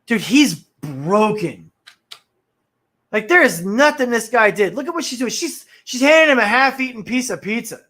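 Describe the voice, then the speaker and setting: Animated man reacting to clips. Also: very high voice, moderate pace. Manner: blunt, animated, talks straight to viewers. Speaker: livestream host reacting to videos. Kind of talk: casual reaction commentary.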